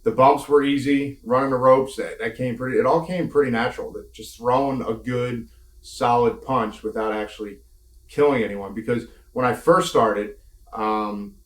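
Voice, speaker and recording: In an echoey room, a low-voiced former wrestler is interviewed casually and tells stories from wrestling. He's candid and laughs as he talks, with some mild swearing.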